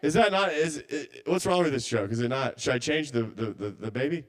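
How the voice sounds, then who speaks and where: A man's voice: mid-range voice, expressive, brisk. A man doing a stand-up set at a live open mic, rambling and self-doubting, stammering through restarts.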